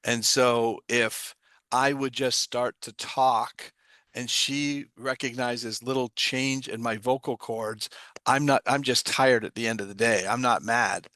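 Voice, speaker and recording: A man's voice: medium pitch, steady tone, measured pace, sharp tone, no room sound. A man giving an explanatory talk, asking himself rhetorical questions and answering them. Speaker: guest speaker on trauma. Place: online livestream.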